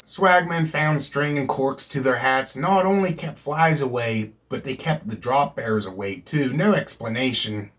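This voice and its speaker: Male vlog host, easygoing rambling delivery with jokes and cussing, shot outdoors after dark. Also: medium pitch. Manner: rambling, joking, swears freely. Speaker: YouTube host. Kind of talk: casual vlog chat. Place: outdoors at night.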